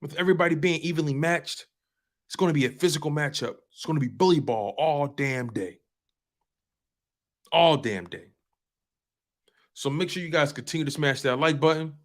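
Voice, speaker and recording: A man's voice: fairly high pitch, normal speed, long pauses. A man hosting a fan sports talk show, speaking passionately and emphatically and repeating phrases for effect. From US East Coast.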